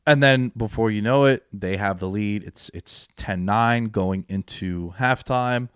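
A young man in casual sports chat, telling animated stories that jump from loud bursts to low mutters. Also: measured pace, smooth, no echo, studio quality.

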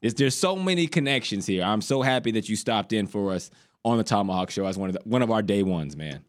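A man's voice: on the low side, expressive, fast, no echo, studio quality. An American man hosting a casual sports podcast, teasing his guests and laughing often. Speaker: podcast host. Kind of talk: casual chat.

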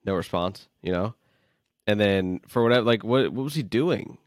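A man co-hosting a sports podcast, talking in a relaxed, halting way with restarts. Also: on the low side, dry recording. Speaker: podcast co-host. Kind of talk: casual sports chat. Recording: dry close-mic sound.

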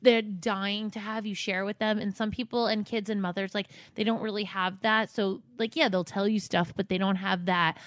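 A woman's voice: medium pitch, normal speed, hardly any pauses, dry recording, studio quality. A woman with a New Jersey accent co-hosting a podcast in casual chat, swearing freely and telling stories with feeling. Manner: emotional, swears freely, animated storytelling. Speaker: podcast co-host.

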